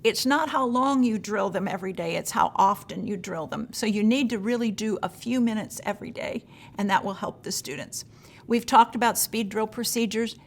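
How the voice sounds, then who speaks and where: A woman leading a teacher-training session, giving practical advice in a conversational way, with frequent fillers and acted-out questions from teachers. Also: medium pitch.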